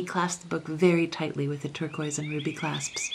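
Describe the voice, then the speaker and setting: A woman with a low, gravelly voice reads a classic children's story aloud. Her delivery is soft, often slipping into a half whisper, with a faint hiss behind her. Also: level tone, moderate pace, hardly any pauses.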